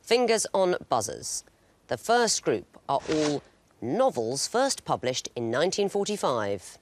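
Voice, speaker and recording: A woman hosting a quiz show, crisp and wry, announcing clues and scores with dry jokes. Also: low voice, very animated, unhurried, slight background noise. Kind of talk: quizmaster patter with dry jokes.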